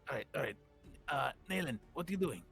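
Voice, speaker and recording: A woman playing a tabletop game, giggly and quick with cheers and quips. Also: very deep voice, expressive, creaky, a bit bright, soft background music. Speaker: player. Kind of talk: casual tabletop play.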